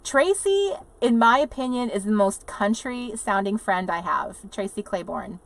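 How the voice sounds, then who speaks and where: A woman hosts a relaxed livestream from her RV, chatting and rambling, laughing a lot, and reading viewer comments aloud. Her gravelly, medium-pitched voice has lively intonation and a slightly slow pace.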